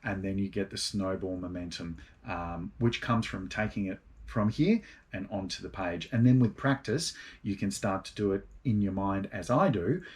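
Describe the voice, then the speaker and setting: A middle-aged man with a fairly low voice talks about gratitude the way a yoga teacher would. His delivery is relaxed and meandering, and it drifts through plenty of ums and uhs. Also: moderate pace. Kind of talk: casual spoken talk on gratitude.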